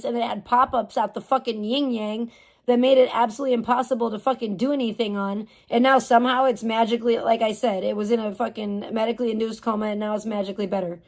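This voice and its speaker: A woman livestreamer chatting casually and ranting with lots of profanity while reading and answering chat messages. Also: on the high side. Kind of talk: casual live stream chat.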